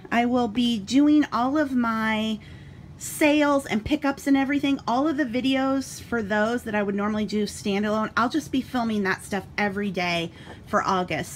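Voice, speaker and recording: A woman's voice: a little high, slight background noise. Chatty woman vlogging from her basement. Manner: chatty, rambling, with fillers. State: out of breath. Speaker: vlogger and eBay reseller. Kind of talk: casual vlog chat. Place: home basement.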